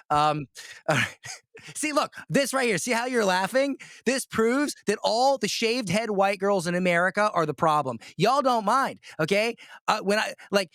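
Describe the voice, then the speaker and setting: A man from Florida coaches a client on a casual call. He talks in a blunt pep-talk style and keeps asking rhetorical questions. His voice sits high for a man and sounds dry and close. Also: lively intonation, moderate pace, fairly bright tone, no echo.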